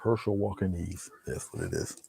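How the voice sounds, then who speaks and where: A man's voice: sits low, moderate pace, gravelly, husky, no echo. A man teaching painting live, joking with viewers and answering their comments as he works. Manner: relaxed, joking, talks to viewers while painting. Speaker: painting instructor.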